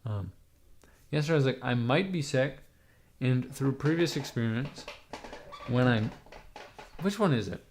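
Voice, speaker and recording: A young man with a raspy, hoarse voice from being sick, rambling irreverently on a live stream with lots of fillers. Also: mid-range voice, animated, unhurried, pauses often. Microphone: webcam mic.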